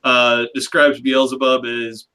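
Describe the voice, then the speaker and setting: A man's voice: mid-range voice, flat delivery, unhurried, sharp tone, clean tone, low-quality recording. A man hosting a livestream panel in casual chat, talking loosely and rambling with a self-deprecating humor. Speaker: livestream host.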